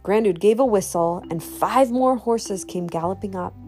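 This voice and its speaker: A woman reading a children's storybook aloud in an expressive, animated way. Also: medium pitch, normal speed, faint music behind.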